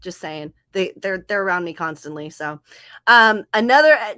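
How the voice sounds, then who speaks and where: This young Southern Californian woman hosts a writing-sprint stream, talking loosely to viewers, naming people in chat, and rambling with self-corrections along the way. Her mid-range voice is animated, sharp, clear and resonant, at normal speed.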